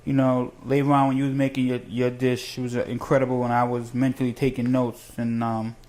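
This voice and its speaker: A man hosting a casual home cooking show, talking fast and rambling with lots of restarts. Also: mid-range voice, completely flat delivery, darkish tone. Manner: fast, rambling, self-correcting.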